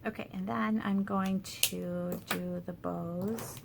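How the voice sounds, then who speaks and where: A woman demonstrating paper crafts in a casual tutorial, chatty and thinking aloud with soft asides under her breath. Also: medium pitch, steady tone, takes it slowly, vocal fry, background noise.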